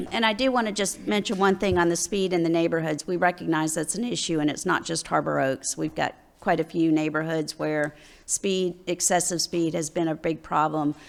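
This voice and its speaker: A woman runs a public meeting from the chair. Her voice is low and gravelly, and she explains things plainly, with the odd filler. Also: fairly even intonation, moderate pace. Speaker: mayor chairing council meeting.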